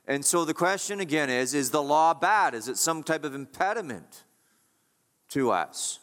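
Pastor preaching in a reverberant hall. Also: male voice, a little high, lively intonation, moderate pace, a bit bright. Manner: rhetorical questions, emphatic repetition. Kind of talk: sermon.

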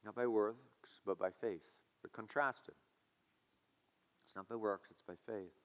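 A man's voice: fairly low pitch, fairly even intonation, unhurried. A male pastor preaching a sermon, emphatic and repetitive, asking his listeners rhetorical questions.

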